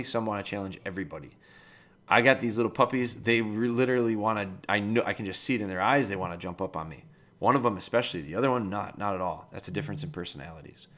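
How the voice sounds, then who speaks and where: A man with a somewhat low voice talks through dog training questions in a relaxed, matter-of-fact way. He sounds middle-aged and steady, like a podcast host chatting casually. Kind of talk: casual advice talk.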